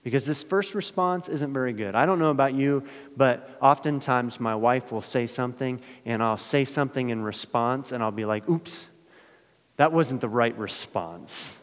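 A male pastor preaching a sermon in a dramatic way, swinging from loud emphasis to hushed asides. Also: mid-range voice, normal speed, few pauses, clean tone. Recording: long hall reverb.

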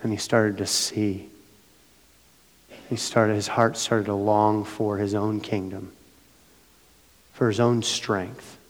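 Slow hoarse pastor in a reverberant hall. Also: male voice, fairly low pitch, little pitch movement. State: losing his voice, hoarse. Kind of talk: sermon. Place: church sanctuary.

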